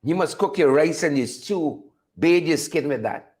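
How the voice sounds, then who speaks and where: A man's voice: on the high side, animated, normal speed, darkish tone. A man with a Guyanese accent hosting a political commentary show, talking emphatically and asking rhetorical questions. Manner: reads out viewer names. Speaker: host.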